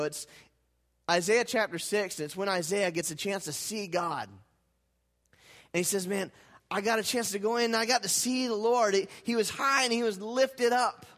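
A man preaching a sermon as pastor, dramatic, swinging from hushed lines to loud, fervent ones. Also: high voice. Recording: hall reverb.

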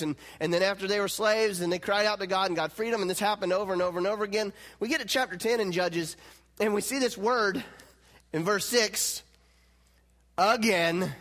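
A man with a high voice preaches a sermon, talking loosely and laughing as he goes. When he voices God's words he builds in intensity. A long reverb hangs on his voice, as in a church hall. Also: a bit bright. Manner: conversational, laughs often, plays out God's lines with rising intensity.

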